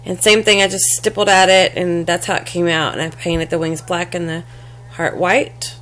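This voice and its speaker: A woman casually showing a handmade craft box and mini album to the camera, halting often with fillers and restarts and apologizing as she handles things. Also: on the low side, flat delivery, a bit bright, a little hiss or hum. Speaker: crafting vlogger. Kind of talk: casual show-and-tell craft demo.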